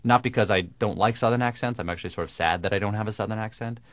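A middle-aged man from the American South with no Southern accent, talking in a dry, deliberate way with crisp diction in an interview. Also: on the low side, no echo. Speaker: comedian guest. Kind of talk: radio interview conversation.

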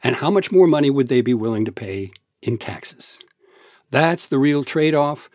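A man, a senior political correspondent, answering questions in a radio news interview in a measured, explanatory way with dry asides. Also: mid-range voice, animated, darkish tone, dry recording.

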